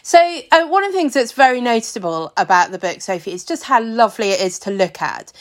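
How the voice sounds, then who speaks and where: A woman hosting a podcast interview, thoughtful and measured as she asks her questions. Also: a little high, lively intonation. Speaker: podcast host.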